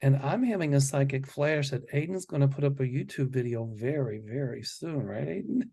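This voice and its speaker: Gravelly-voiced psychic host, deliberate. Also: male voice, mid-range voice, animated, dark tone. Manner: deliberate, emphatic listing of words. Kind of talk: casual chat.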